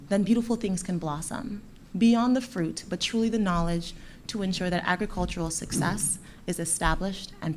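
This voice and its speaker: A young woman from Dominica giving a lively, playful speech to schoolchildren at a closing ceremony. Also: fairly low pitch, a little hiss or hum. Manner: lively, playful with the children, warm encouraging. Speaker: guest speaker from a bank.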